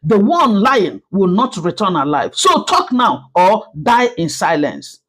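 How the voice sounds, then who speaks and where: A woman voicing a stern man who issues a grave threat in a lowered, menacing tone. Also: big pitch swings, a little slow. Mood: threatening.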